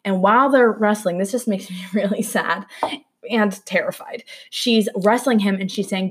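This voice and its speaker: A woman's voice: mid-range voice, moderate pace, husky. A young woman hosting a podcast, telling a true crime story in casual chat, acting out the quoted lines and saying "like" a lot. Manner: animated, acts out quoted lines, lots of "like".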